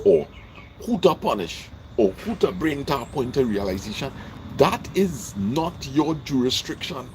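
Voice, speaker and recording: A man with a Trinidadian accent giving a casual motivational talk, emphatic and repeating his points, his voice jumping high when he makes them. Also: darkish tone, a little hiss or hum. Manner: emphatic, repeats lines for effect, jumps high in pitch. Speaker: vlogger.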